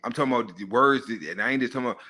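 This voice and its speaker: Profane, animated man ranting on a stream. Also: mid-range voice, very fast. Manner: profane, animated, mocking, laughs at own jokes. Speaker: live stream host. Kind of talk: casual commentary monologue.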